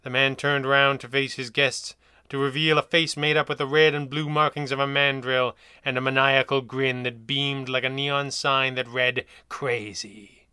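Bright, crisp male narrator. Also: medium pitch, flat delivery, normal speed, dry recording, clean studio sound. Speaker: storyteller reading his own pulp tales. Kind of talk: scripted narration.

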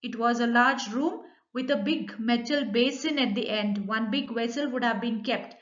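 A woman's voice: a little high, moderate pace, a bit bright, muffled recording. A woman teacher with an Indian English accent who reads a story aloud and then explains each line in simple words.

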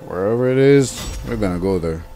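A young man playing a video game, commenting with loud, exasperated reactions and slang. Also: lowish voice, animated, a little fast. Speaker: gaming youtuber. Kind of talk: let's play commentary. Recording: commentary over clear game music.

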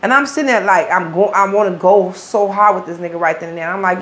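A woman's voice: lowish voice, quick pace, hardly any pauses, a bit bright, slight background noise. A woman, an interview guest telling her own story in blunt, profane street talk.

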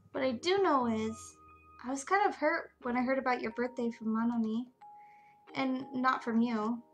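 A woman reading the lines of a shy, hurt young woman in a game, soft and hesitant as she admits her feelings. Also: high voice. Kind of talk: reading game dialogue aloud.

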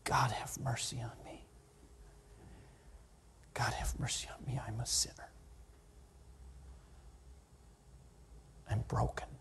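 A man's voice: mid-range voice, flat delivery, measured pace, fairly bright tone, in a whisper, close to an everyday voice. A man voicing a remorseful tax collector who begs for mercy in a desperate, broken plea. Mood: broken whisper.

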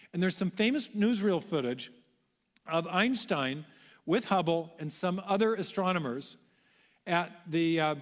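High-voiced man lecturing in a reverberant hall. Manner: earnest, explaining step by step. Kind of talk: public lecture.

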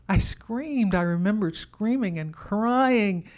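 Lady telling her story, real slow, measured and heartfelt. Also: mid-range voice, darkish tone. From Louisiana. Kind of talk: live personal storytelling.

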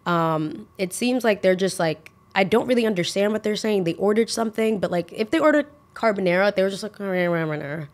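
A young woman hosting a podcast, telling a casual story full of "like" and restarts, sometimes rushing and sometimes drawing out her words. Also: medium pitch. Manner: animated, filler-heavy with lots of "like". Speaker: podcast host.

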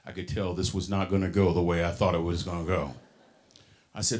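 Animated man in his sixties preaching to a crowd. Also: on the low side, quick pace. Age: 60s. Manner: preacher-like, calls out to the crowd, swings from soft to shouting. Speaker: motivational keynote speaker. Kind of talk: motivational keynote speech.

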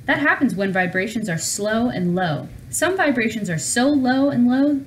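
A woman reading aloud as a patient father who is an engineer, explaining things calmly. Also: very high voice, moderate pace, recorded from a distance, a little hiss or hum, pitched above the performer's own voice.

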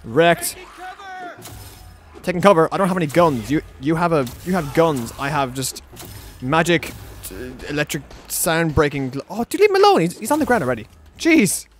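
A young man giving let's play commentary on a game, excitable and rambling, often talking sarcastically to the characters on screen. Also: a little high, normal speed. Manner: rambling with frequent restarts. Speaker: gaming channel host.

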